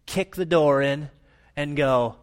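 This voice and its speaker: Animated playful male preacher. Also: fairly high pitch, slow. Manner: animated, playful, with audience participation. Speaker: pastor. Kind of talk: sermon.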